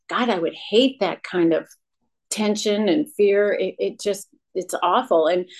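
Candid woman in her fifties sharing. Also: mid-range voice. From Rochester, New York, USA. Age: 50s. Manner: candid, self-deprecating, frequent restarts and "you know". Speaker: recovery speaker. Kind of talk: personal testimony talk from a stage. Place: speaking from a stage to a meeting.

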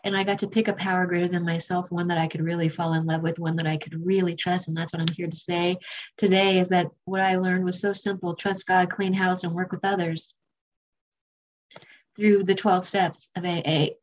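A woman's voice: fairly low pitch, level tone, moderate pace, lo-fi sound, slight background noise. A woman giving a candid, emotional recovery testimony at a meeting, often self-mocking.

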